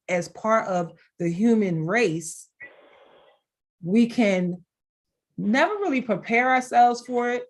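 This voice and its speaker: A middle-aged woman shares personal stories over a video call. She speaks expressively and warmly in tone, with a mid-range voice, and she often breaks into laughter. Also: mid-range voice. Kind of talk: heartfelt conversational storytelling.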